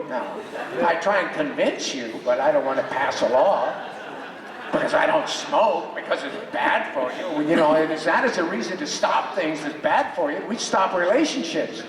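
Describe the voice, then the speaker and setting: An older man with a fairly high voice tells opinionated, joking stories to a convention crowd. He sounds far from the mic in a big echoing hall, and there is a murmuring audience behind him. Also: expressive, brisk. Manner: joking, opinionated storytelling with laughs. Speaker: convention panel guest. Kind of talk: animated convention panel talk. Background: audience reactions.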